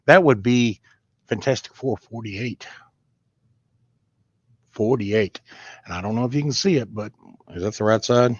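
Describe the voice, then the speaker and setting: A man's voice: medium pitch, unhurried, long pauses, no room sound. Folksy man on a dull mic. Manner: rambling, folksy, chats to viewers. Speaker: comic book collector hosting a live stream. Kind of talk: casual live-stream show-and-tell. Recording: dull lo-fi dry sound.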